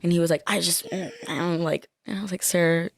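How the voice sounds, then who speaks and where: A young woman co-hosting a casual podcast, her voice sitting fairly low. She talks candidly and loosely, full of "like". The sound is dry and close. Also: steady tone, fast, no room sound. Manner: candid, frequent "like" fillers. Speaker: podcast co-host. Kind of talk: casual chat.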